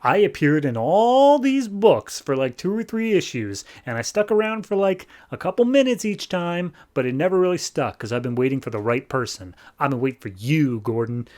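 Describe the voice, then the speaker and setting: A man's voice: fairly high pitch, expressive, normal speed, few pauses, darkish tone, voice pushed up, lightly acted. A man voicing a laid-back, wheedling male shadow demon trapped in a diamond, retelling a comic. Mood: boastful.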